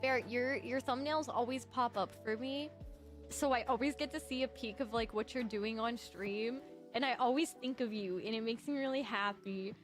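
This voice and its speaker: A woman streamer chatting casually to her viewers, bubbly and excitable with sudden shrieking outbursts. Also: a little high, moderate pace, soft background music.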